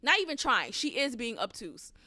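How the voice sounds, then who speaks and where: A woman hosting a podcast, telling a story in a casual, animated and profane rant. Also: fairly high pitch, moderate pace, no echo, clean studio sound. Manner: animated, profane, emphatic ranting. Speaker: podcast host.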